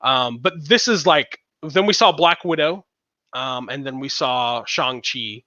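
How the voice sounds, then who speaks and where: A man's voice: medium pitch, unhurried, bright, forceful tone, no room sound, lo-fi sound. A man co-hosting a podcast in casual chat, rambling with fillers and restarts. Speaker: podcast co-host.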